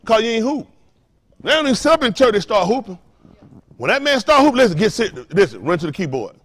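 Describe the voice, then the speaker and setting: High-voiced male pastor preaching with fire. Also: very animated, fast. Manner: emphatic, rhetorical questions, sudden swings from loud to hushed. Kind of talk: preaching with call-and-response.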